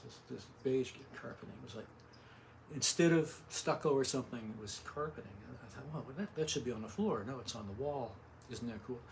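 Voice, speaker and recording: An older man, an artist, chatting softly in a small home studio, often trailing off and restarting his sentences. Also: mid-range voice, vocal fry, a little hiss or hum. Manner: soft-spoken, trails off and restarts. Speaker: artist guest. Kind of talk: casual interview.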